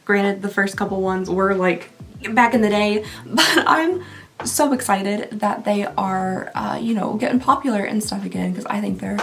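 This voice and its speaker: A woman's voice: medium pitch, moderate pace, gravelly, a bit bright, soft background music. A woman, chatting casually while doing her makeup. She rambles and laughs often, and her voice is getting tired. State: losing her voice. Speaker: beauty vlogger.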